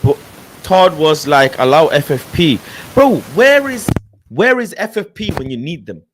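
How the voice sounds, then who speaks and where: Animated young man ranting. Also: a little high, unhurried, slight background noise. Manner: frustrated, swearing, animated. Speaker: football streamer. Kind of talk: casual live-stream rant. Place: home room.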